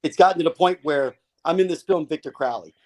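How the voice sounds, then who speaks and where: A man hosting a relaxed podcast conversation. He mostly chimes in with short agreements before speaking at more length. His voice sits slightly high. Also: fast. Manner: brief agreeing replies. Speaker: podcast host. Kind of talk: casual podcast chat.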